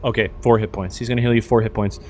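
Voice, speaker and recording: A man narrating as game master, relaxed and full of fillers. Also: on the low side, racing, slight background noise.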